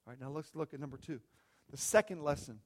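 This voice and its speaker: A man preaching a sermon, emphatic, swinging from hushed lines to loud ones, with lots of rhetorical repetition. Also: a little high, lively intonation, quick pace.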